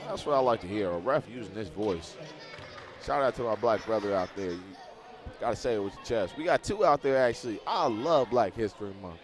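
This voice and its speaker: A man doing casual, chatty play-by-play for a college basketball game. He sometimes bursts into loud, excited calls on big plays. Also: lowish voice, fairly quick. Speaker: play-by-play commentator.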